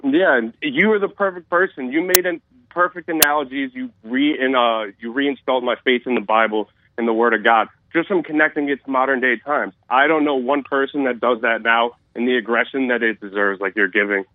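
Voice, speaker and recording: A man calling in to a radio show, speaking excitedly and gushing with praise. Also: mid-range voice, brisk, dry recording. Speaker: caller. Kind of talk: call-in talk. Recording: dry phone-line call.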